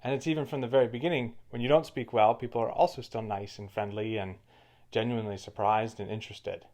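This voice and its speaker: A man with a somewhat low voice co-hosts a relaxed conversation. He talks in long, steady stretches, explaining his opinions plainly. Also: fast. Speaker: co-host. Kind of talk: casual conversational chat.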